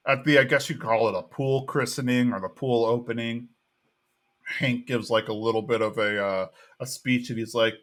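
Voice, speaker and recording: Laid-back guy on a podcast mic, mid-pitched, chatting through an episode recap. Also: steady tone, moderate pace, a bit bright. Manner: easygoing, thinking aloud. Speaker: podcast co-host. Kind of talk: casual chat, episode recap.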